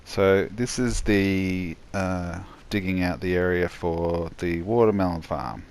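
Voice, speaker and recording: A tired man giving a rambling, halting voice-over commentary on his own gameplay, yawning as he goes. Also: deep voice, darkish tone. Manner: rambling, halting, many restarts and fillers.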